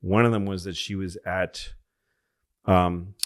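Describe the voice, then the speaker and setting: A man tells long comedic stories in a loose, rambling way. He corrects himself as he goes and swears casually. His voice sits on the low side. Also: steady tone, slow. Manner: rambling, self-correcting, profane.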